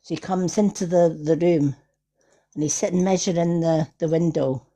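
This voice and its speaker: Woman, lower voice, chatty storyteller for a live-stream scene. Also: steady tone, normal speed, dark tone. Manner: chatty anecdotes with frequent laughter. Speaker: tarot reader hosting a live stream. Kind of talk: casual chat, storytelling. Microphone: phone or computer on a live stream.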